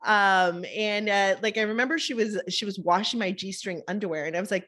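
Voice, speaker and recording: A woman hosting a podcast, telling stories in an animated, casual way with frequent fillers and laughter. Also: medium pitch, fairly quick, few pauses. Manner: animated storyteller, laughs often, many fillers. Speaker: podcast host. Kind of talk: casual chat.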